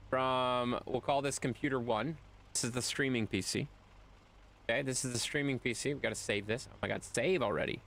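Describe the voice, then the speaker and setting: A man streaming a game live, chatting casually with his viewers, animated and playful with repeated phrases. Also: medium pitch, a little fast, vocal fry.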